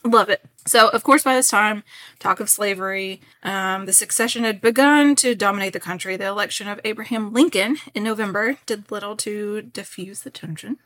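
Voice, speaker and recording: A woman from Kentucky co-hosting a podcast, reading a history story and breaking into lively chat and laughter. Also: mid-range voice, normal speed. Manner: animated, laughs often. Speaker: podcast co-host.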